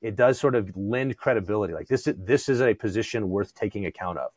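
This man, appearing as a podcast guest, discusses theology conversationally and with animation, performing quoted voices and frequently starting over. He talks fast in a lowish voice, and there's no room sound.

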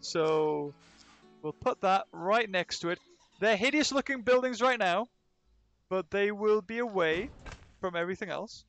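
A let's play streamer recovering from illness gives casual commentary on a zoo-building game, answering his viewers' chat. His high voice is expressive, unhurried and a bit bright, set against soft background music.

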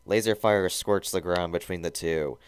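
A man's voice: deep voice, normal speed, clean tone, dry recording. A man giving a mock-serious comedic reading of a fan fiction, often stumbling and correcting himself.

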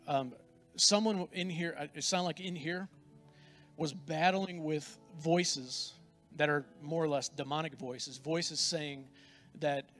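A middle-aged man preaching with fervent, repetitive insistence, his voice sitting high for a man. A faint guitar plays beneath his prayer and exhortation. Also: a bit bright. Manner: fervent, repeats phrases for emphasis. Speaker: pastor. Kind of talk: sermon with prayer.

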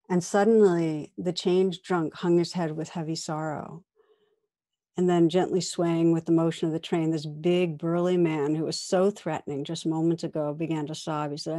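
In a deep voice with a level tone, a woman meditation teacher shares a story in her dharma talk. She is gentle and measured, sometimes falling to a soft whisper.

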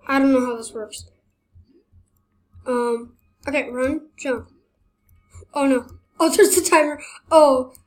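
Young female gaming host, high-pitched, slow-paced, excitable casual play-by-play. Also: soft background music. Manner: excitable, exclaims and laughs while playing. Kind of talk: casual gameplay commentary.

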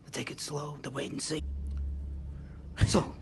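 A keen young Scottish sergeant, very gravelly, fairly high, deferential and clipped, noisy audio. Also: male voice, little pitch movement, unhurried. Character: eager young male security sergeant.

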